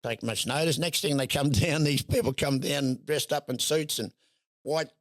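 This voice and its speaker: A man's voice: fairly high pitch, moderate pace, no room sound, studio quality. An older man with an Australian accent, telling a rambling story as a guest in a casual interview. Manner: rambling yarn-spinner, acts out voices, laughs often. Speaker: guest, showman.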